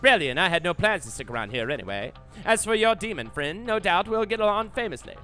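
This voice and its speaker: A theatrical, sly winged harp woman, put on by a man who purrs "darling" in an old-timey transatlantic drawl. Her voice swoops high and lively. Faint music plays underneath. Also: quick pace, exaggerated voice. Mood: coy, teasing.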